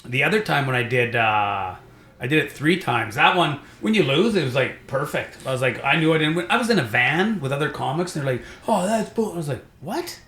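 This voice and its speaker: A man's voice: medium pitch, fairly quick. A man, a stand-up comedian, telling stories in casual chat and acting out other people's voices. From Canada. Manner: animated storyteller, acts out voices of others. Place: podcast studio. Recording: roomy echo.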